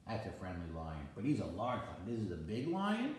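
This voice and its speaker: An older man, a grandfather, playfully reading a picture book aloud to his grandchild, with sudden high exclamations. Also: big pitch swings, brisk, few pauses, heavy reverb.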